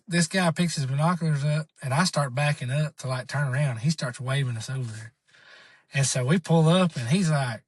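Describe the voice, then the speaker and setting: Guy telling a hunting trip story, kinda high voice, rambles, dry close sound. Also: slightly rough, dry recording. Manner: rambling, animated, acts out quoted voices. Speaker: podcast guest. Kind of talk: casual storytelling.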